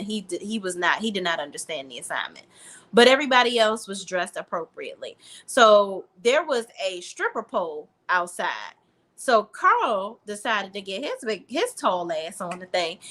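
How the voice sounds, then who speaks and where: A woman's voice: medium pitch, pushed and bright. A woman recapping a reality show in a casual vlog, blunt and slangy with plenty of swearing. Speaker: reality TV reviewer.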